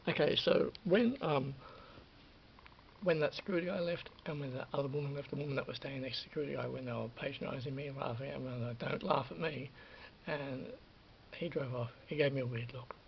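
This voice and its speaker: Gravelly man, worked up. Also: mid-range voice, steady tone, fast talker. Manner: repetitive, restarts often, quotes others. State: worked up, still on adrenaline. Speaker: vlogger. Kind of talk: rambling personal story to camera. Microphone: camera or phone mic. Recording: lo-fi audio with faint hiss.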